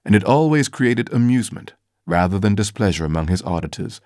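A man giving scripted first-person audiobook narration in a measured, formal storytelling manner. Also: lowish voice, lively intonation, darkish tone, no room sound, studio quality.

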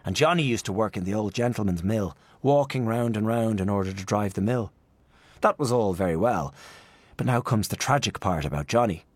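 A man voicing a genial gentleman in a storybook reading, telling a tale in a mock-grand, humorous manner. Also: fairly low pitch, a little fast, slightly rough, no echo.

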